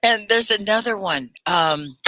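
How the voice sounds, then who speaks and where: Woman, ESL livestream host, patient pronunciation drills, crisp bright tone, dry. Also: medium pitch, expressive, no room sound. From United States. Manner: slow, clear spelling and pronunciation drills. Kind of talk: casual teaching chat.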